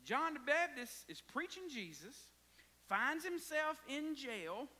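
Man, pastor, sermon, high voice, bright tone, whispers and hollers. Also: sing-song, slow, long reverb tail. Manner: dramatic preaching, swinging from hushed whispers to hollering.

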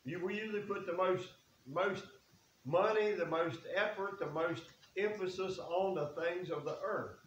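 A man's voice: high voice, normal speed, lo-fi sound. A man preaching a sermon in a church, folksy and earnest, reading scripture aloud. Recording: echoey room with faint hiss.

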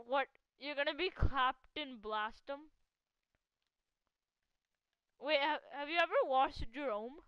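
A woman giving casual live gameplay commentary as a gaming channel host. She is excitable, laughs often and teases a teammate. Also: high voice, unhurried, no echo, muffled recording.

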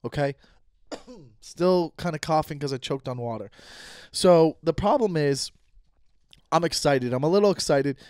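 Thirties male solo podcaster, chatty and self-deprecating, a touch high-pitched, dry booth sound. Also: measured pace, pauses often, darkish tone, smooth, no echo. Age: 30s. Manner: rambling, self-mocking, talks to himself. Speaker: podcast host. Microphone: studio mic.

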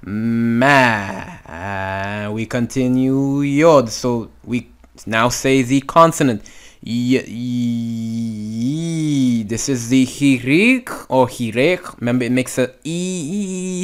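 A man's voice: mid-range voice, slow, smooth. A man teaching Hebrew reading in a video lesson, sounding out syllables and often checking in with "okay?". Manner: patient, repetitive, checks in with "okay?".

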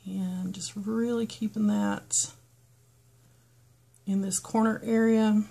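A woman's voice: medium pitch, little pitch movement, slow, gravelly, dark tone. A woman with a toned-down North Carolina foothills accent, chatting casually and rambling through a get-ready-with-me beauty vlog. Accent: Southern US, North Carolina foothills, toned down. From western North Carolina, US. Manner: chatty, rambling, frequent ums and restarts. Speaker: beauty vlogger.

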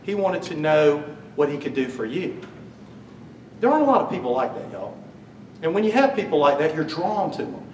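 Pausing often and swinging widely in pitch, a middle-aged man with a slightly high voice eulogizes his father at a moderate pace, telling humorous stories and joking warmly with the crowd. The hall echoes, heard from far away over a faint hum.

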